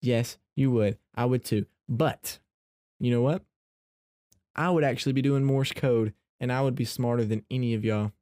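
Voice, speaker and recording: A man's voice: medium pitch, moderate pace, mellow, dry recording, clean studio sound. A man hosting a casual faith-based podcast, chatty and playfully teasing his listeners. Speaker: podcast host.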